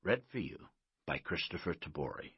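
A man narrating an audiobook in a measured, expressive way, in a slightly muffled recording. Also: very deep voice, slightly rough, no echo.

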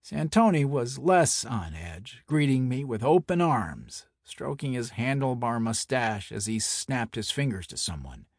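A man narrates a hard-boiled first-person story in a measured, wry manner. His voice is slightly husky. The recording is dry, with no room sound. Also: medium pitch, sing-song, no echo.

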